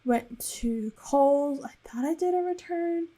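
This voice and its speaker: A woman's voice: high-pitched, slow, warm tone. A young woman casually recapping her weekend in a rambling, chatty voice-over for her planner vlog. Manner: rambling and chatty, with frequent fillers. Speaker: planner vlogger.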